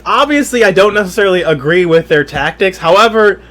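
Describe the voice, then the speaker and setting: A man's voice: sits high, expressive, a little fast, fairly bright tone. A man co-hosting a comedy podcast, rambling and restarting in casual chat. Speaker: podcast co-host.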